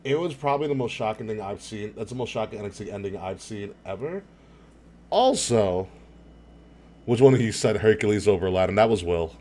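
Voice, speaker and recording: A man with a fairly low voice co-hosts a casual podcast. He talks in excited, rambling bursts, swears freely and breaks into laughter often. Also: a little fast. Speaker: podcast co-host. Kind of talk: casual chat.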